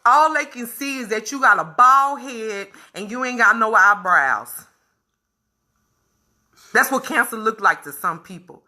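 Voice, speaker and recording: Woman vlogger, high and piercingly bright, emphatic, repeats herself, addresses viewers directly. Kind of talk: candid talk to viewers.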